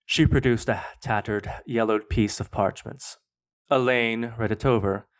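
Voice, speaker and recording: A man hosting a podcast, reading his own fan fiction aloud in a measured, dramatic way. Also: medium pitch, steady tone. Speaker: podcast host.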